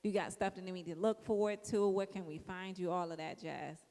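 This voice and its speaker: Woman, somewhat low voice, casual blunt questions, echoey hall. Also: fairly even intonation, fairly quick, dark tone. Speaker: panel questioner. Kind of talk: asking questions at a panel.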